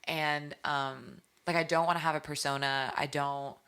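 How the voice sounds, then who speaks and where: Low-voiced bubbly young woman. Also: normal speed, clean tone. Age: young adult. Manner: bubbly, animated storytelling with lots of fillers. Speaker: musician guest. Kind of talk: casual interview chat.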